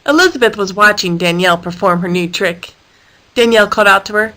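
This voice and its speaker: A woman reading a children's animal story aloud in a lively, expressive way. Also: medium pitch, a little fast, poor audio.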